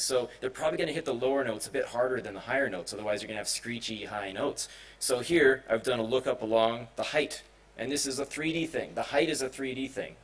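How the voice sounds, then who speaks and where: A man's voice: mid-range voice, poor audio. A man giving a conference presentation on simulation and music, talking casually with many fillers and restarts. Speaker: conference speaker. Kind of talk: technical presentation. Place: conference hall.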